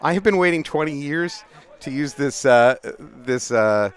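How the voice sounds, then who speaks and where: A middle-aged man, casually telling animated paintball stories as a livestream commentator outdoors. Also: a little high, unhurried. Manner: animated, laughing storyteller.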